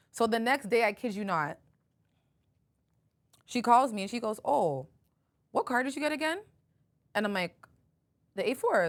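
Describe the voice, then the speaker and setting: Animated woman telling a story. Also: mid-range voice. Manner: animated storyteller, acting out both sides of a conversation, frequent "like". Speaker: podcast host. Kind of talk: casual storytelling chat.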